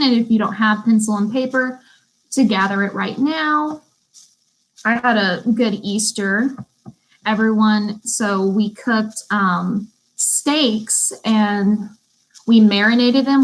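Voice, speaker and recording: A woman's voice: a little high, rough recording. Chatty woman teaching live. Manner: chatty, reads out viewer comments. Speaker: beauty school instructor. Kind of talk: casual live-stream class.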